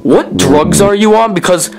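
A man's voice: high voice, measured pace, over music. A man doing improvised puppet comedy, talking in an exasperated, sarcastic way. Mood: annoyed.

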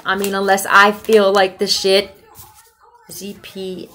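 A woman from Philadelphia reads tarot casually, speaking bluntly with plenty of profanity and rambling as she goes. Her medium-pitched voice is slow, sharp in tone, and completely flat in delivery.

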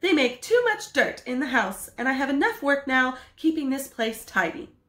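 A woman's voice: high voice, sing-song, normal speed, bright, forceful tone, voice pushed up, exaggerated voice. A fussy scolding housewife, as a woman reads her. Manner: scolding, exclamatory. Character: fussy practical housewife, middle-aged. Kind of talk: storybook read-aloud. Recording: echoey room.

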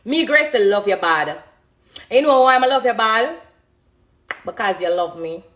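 A woman's voice: medium pitch, expressive, a little slow, fairly bright tone. A woman in her thirties with a Jamaican accent, chatting on a phone live stream, reading comments and laughing often. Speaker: dancehall artist on a live stream. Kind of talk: casual live-stream chat.

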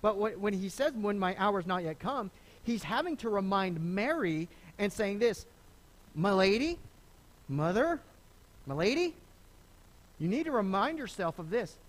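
A middle-aged man preaching a sermon as pastor, conversational and animated, often restarting phrases and acting out the people he quotes. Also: high voice, moderate pace. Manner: lively, conversational preaching with repeated starts and acted quotes. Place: church sanctuary.

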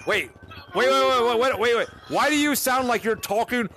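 A man hosting a VR gameplay video, excitable and playful, chatting with players through a headset mic in a game lobby. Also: very high voice, faint music behind. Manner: excitable, playful, talks fast over others. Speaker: gaming content creator. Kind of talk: casual VR gameplay commentary. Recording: crowded game voice chat. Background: many other players chattering in the lobby.

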